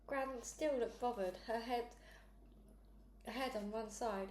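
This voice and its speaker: A woman's voice: medium pitch, slow, roomy sound, slight background noise. Woman reading a children's story aloud. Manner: steady, clear read-aloud narration. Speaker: storybook reader.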